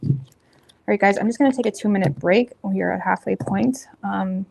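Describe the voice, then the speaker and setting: A woman's voice: medium pitch, fairly quick, gravelly, background noise. Chatty Nova Scotian woman, rambling. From Nova Scotia, Canada. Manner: chatty, rambling, frequent fillers and self-corrections; laughs easily, blunt with casual swearing. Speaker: tarot reader. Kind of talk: casual chat on a tarot channel.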